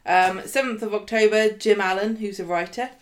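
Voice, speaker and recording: A woman's voice: mid-range voice, steady tone, normal speed. British woman, podcast co-host and quizmaster, dry teasing delivery. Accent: British English. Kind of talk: casual chat, reading quiz questions.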